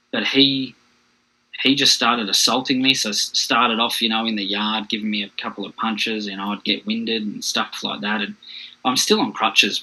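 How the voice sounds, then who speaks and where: A man's voice: fairly low pitch, pushed and bright, low-quality recording. An Australian man, a podcast guest, telling his own hard story in a frank, plain-spoken way. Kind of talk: candid personal storytelling.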